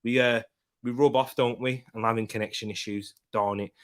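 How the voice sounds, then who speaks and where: A young man talks casually into his home stream, tired but still chatty. His voice sits at a middle pitch as he gives slangy shout-outs and reads out comments from his viewers. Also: steady tone, moderate pace. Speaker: football watchalong streamer. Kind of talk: casual live-stream chat.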